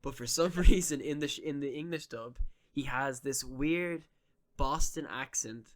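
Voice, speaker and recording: A man's voice: mid-range voice, a little slow. A young man co-hosting a podcast in easygoing casual chat, joking and laughing often. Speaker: podcast co-host.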